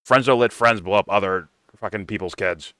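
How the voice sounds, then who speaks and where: A man's voice: fairly low pitch, fairly quick, sharp tone, no echo, studio quality. Blunt, profane man reacting to a clip. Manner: blunt, profane, rambling with restarts. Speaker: reaction streamer. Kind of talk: casual profane reaction commentary.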